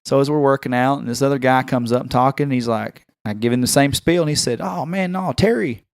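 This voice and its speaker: A man with a Tennessee accent tells a story on a casual podcast at a rapid clip. He is animated and jumps into other people's voices as he goes. The sound is dry and close. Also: medium pitch, vocal fry, dry recording. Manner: animated, acts out quoted voices. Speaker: podcast host.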